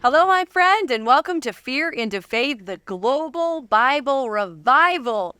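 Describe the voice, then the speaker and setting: High lively woman host, bubbly, laughs alot, dry close sound. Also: unhurried, clear, resonant tone, no room sound. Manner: bubbly, laughs a lot, repeats guest's words. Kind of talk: talk show interview.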